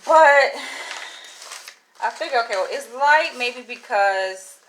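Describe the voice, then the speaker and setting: A woman vlogging in a high, bright voice as she recounts a story in a casual, animated way. She sounds exasperated and drops slangy "yo" throughout. Her tone is sharp and lively. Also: slow pace, slight background noise, rough recording.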